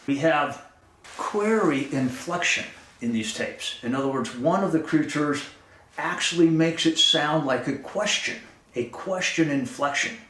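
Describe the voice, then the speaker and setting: A male presenter gives an earnest, analytical explanatory talk, restarting his phrases and checking in with "right?". His fairly high voice is a bit bright and unhurried. The recording has a roomy echo.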